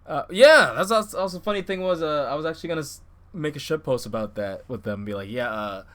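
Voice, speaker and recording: A man co-hosting a casual podcast, blunt and quick to swear, laughing at his own jokes. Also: fairly high pitch, animated, fairly bright tone. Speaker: podcast co-host.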